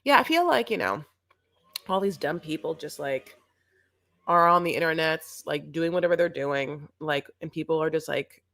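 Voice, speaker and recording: A woman's voice: low-pitched, animated, moderate pace, creaky, fairly bright tone. Chatty, sarcastic young woman. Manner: chatty, sarcastic, rambling with fillers. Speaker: co-host of a reality TV recap show. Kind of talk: casual chat.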